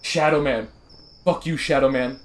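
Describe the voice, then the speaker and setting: A man's voice: medium pitch, steady tone, normal speed, very noisy. A young man doing profane, nervous, jokey commentary while playing a horror game. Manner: profane, jittery, nervously joking. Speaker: gamer.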